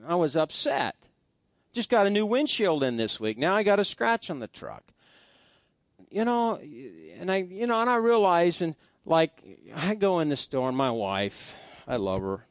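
Folksy high-voiced male pastor. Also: no room sound, clean studio sound. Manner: folksy storytelling with many restarts. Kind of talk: sermon.

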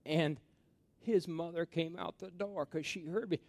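A middle-aged pastor preaches and recalls stories from his youth, moving between quiet asides and loud, excited passages. His voice is a little high, his pace measured, and there's no room sound.

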